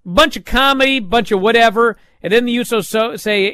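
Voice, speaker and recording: A man's voice: high voice, fairly quick, hardly any pauses, fairly bright tone, clean tone, no room sound. A man recapping a wrestling show in a casual, exasperated and sarcastic way.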